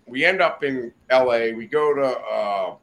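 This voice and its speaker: A man's voice: medium pitch, measured pace, gravelly, fairly bright tone, a little hiss or hum. An older man, a podcast guest in a studio, telling rambling, profane stories in a casual chat. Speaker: guest storyteller.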